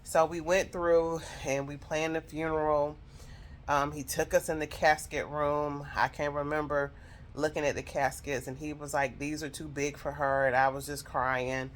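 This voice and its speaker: A woman's voice: low voice, flat delivery, moderate pace, slight background noise. Woman telling a heartfelt personal story. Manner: emotional, heartfelt, addresses viewers directly. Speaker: vlogger telling her own story.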